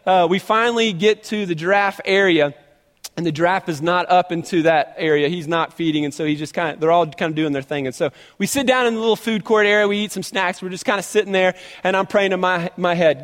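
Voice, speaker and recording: High-voiced animated pastor man. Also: fast, big-room sound. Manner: animated, humorous storyteller. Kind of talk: sermon storytelling.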